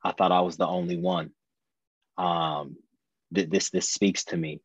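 Guy in his 30s talking earnestly about his own story, kinda husky, restarts a lot, dry muffled sound. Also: sits low, little pitch movement, a little slow, dry recording. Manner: earnest, candid, frequent restarts and repeated phrases. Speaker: podcast guest. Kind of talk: personal storytelling in conversation.

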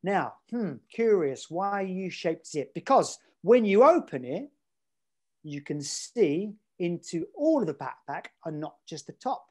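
A man's voice: high voice, big pitch swings, a little slow, breathy edge. An English man, a podcast guest, telling a story in a rambling, chatty way with lots of fillers. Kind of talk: casual storytelling.

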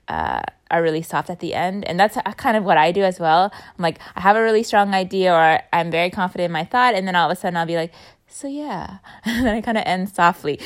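A young woman chatting casually about a speaking workshop, full of fillers and trailing softly off at the ends. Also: fairly low pitch. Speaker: vlogger recapping a speaking workshop. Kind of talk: casual chat.

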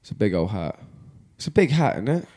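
A man's voice: lowish voice, big pitch swings, fairly quick, dark tone, husky. A man co-hosting a podcast, chatting casually in a rambling, jokey way with some swearing. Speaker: podcast co-host. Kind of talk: casual chat.

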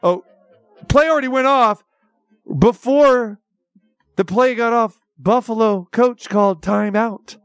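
A man's voice: very high-pitched, takes it slowly, long pauses, smooth, dry recording, clean studio sound. A man hosting sports radio, ranting with sarcasm and exasperation, firing off rhetorical questions. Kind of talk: opinionated sports talk rant.

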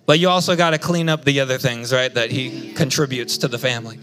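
A young adult man preaching a sermon as pastor, telling lively personal stories and calling out to the congregation. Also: medium pitch, quick pace, soft background music. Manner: lively storytelling with congregation call-outs. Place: church.

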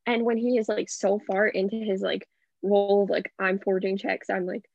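A woman's voice: mid-range voice, little pitch movement, moderate pace, creaky, a little mellow, no echo, dull audio. A young woman co-hosting a casual movie podcast, rambling with lots of "like". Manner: rambling, heavy use of "like".

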